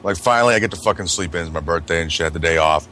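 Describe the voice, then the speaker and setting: A man's voice: low-pitched, very fast, bright, forceful tone, a little hiss or hum. A man co-hosting a casual podcast who tells blunt stories full of swearing. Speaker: podcast co-host. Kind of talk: casual chat.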